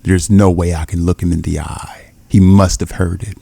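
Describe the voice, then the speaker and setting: A man's voice: low voice, level tone, normal speed, vocal fry, mellow, husky, no echo, exaggerated voice. A man voicing a flustered, hungry young woman warrior in a comic recap, reading her lines plainly.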